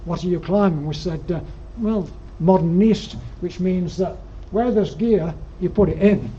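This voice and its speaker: An older man with a Yorkshire accent spins dry, humorous anecdotes from his slides, pausing often on ums. His voice sits fairly high for a man but sounds mellow and dark. The recording is dull and lo-fi, with faint noise underneath. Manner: rambling, dryly humorous, frequent ums. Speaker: guest speaker at alpine club. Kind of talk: anecdotal slide-show talk. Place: lecture room.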